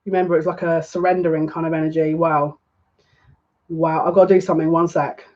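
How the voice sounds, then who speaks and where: A woman's voice: deep voice, flat delivery, fast, darkish tone. A woman doing a live tarot reading, chatting with emotional asides and reading aloud from a card book. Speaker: psychic card reader. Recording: dull lo-fi recording.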